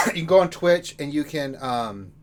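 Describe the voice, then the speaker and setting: A rowdy man hosts a game livestream, joking and talking straight to the people in chat. His voice sits a little high for a man. The talk is loose and casual. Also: animated, moderate pace, noisy background. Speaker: livestream co-host.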